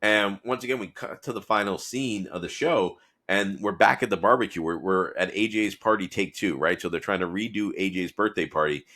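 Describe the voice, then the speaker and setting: A man's voice: low voice, fairly quick, hardly any pauses, bright, forceful tone. A man hosting a solo podcast, talking through a TV episode in a rambling, conversational way with many restarts. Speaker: podcast host and business consultant.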